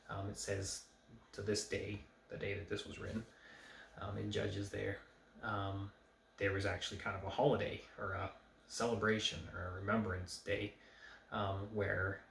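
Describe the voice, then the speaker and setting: Man, Bible teacher, fairly low gravelly voice, casual and hesitant, echoey room. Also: slight background noise. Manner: conversational, hesitant with many ums. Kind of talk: informal Bible study talk.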